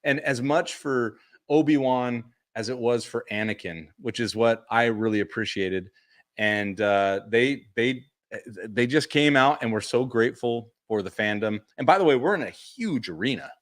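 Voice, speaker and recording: A man in the middle of his range, recapping a fan convention with his co-host. He tells stories with energy and acts out quotes in sudden high bursts. The talk is relaxed and conversational. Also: normal speed. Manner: animated storyteller, acts out quotes with big pitch jumps. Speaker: podcast co-host. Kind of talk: casual chat recap.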